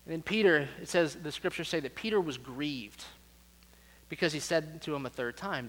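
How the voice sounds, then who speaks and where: Higher-voiced male pastor in a reverberant hall. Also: a little fast, a bit bright. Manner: conversational, repeats words as he goes. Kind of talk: sermon with storytelling. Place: church sanctuary.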